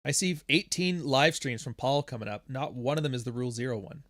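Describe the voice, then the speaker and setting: A man's voice: medium pitch, animated, brisk, a bit bright, no echo, studio quality. A man hosting a livestream podcast in casual chat, rambling and joking with plenty of swearing. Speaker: podcast host.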